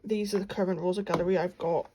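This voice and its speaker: A woman's voice: on the low side, fairly even intonation, fast, warm tone, slight background noise, rough recording. A young woman from England chatting casually about her paints, rambling with lots of fillers. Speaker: art vlogger. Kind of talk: casual chat while swatching paints.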